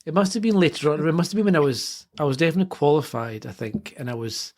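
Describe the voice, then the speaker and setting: Fast-talking man, husky. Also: fairly high pitch. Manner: rambling, self-correcting, animated anecdotes. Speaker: author, podcast guest. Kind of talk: casual interview storytelling.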